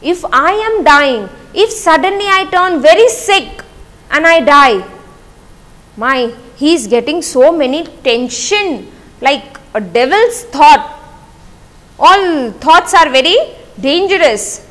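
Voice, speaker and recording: A woman's voice: high voice, lively intonation, slow pace, fairly bright tone, big-room sound. A woman teacher explaining a poem to her class, asking questions and answering them herself with lots of repetition.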